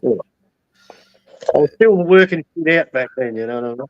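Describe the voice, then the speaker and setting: A fairly high-voiced man talking on a call in a late-night chat. He is easygoing and swears often. The audio is dull and dry. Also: animated, a little fast, dry recording. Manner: laid-back, swearing, mocking. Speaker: guest on a call.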